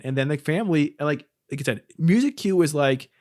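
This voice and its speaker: A man's voice: fairly high pitch, animated, a little fast, hardly any pauses, a little mellow, no echo, studio quality. A man co-hosting a podcast, recapping with sardonic humor in casual chat. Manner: sardonic, acts out scenes in funny voices. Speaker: podcast co-host.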